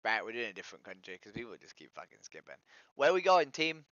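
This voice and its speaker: A woman's voice: very deep voice, big pitch swings, fast, fairly bright tone. An English woman streaming on a random video-chat site, talking in a blunt, chatty, sweary way. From England. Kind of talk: casual video-chat conversation. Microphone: computer mic on a video call. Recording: dull lo-fi stream audio.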